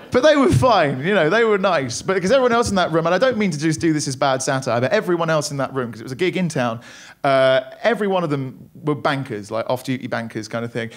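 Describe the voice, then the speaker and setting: High-voiced young stand-up comic. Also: male voice, expressive. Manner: wry, self-deprecating, quick asides. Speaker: stand-up comedian. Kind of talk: stand-up comedy set. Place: comedy club stage with audience laughter.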